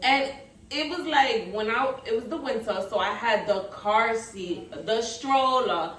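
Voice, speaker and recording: A woman's voice: on the high side, a little slow, a bit bright. Profane New woman, echoey room. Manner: blunt, profane storytelling with laughter. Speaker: podcast co-host. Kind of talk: casual chat. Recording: echoey room, mic at a distance.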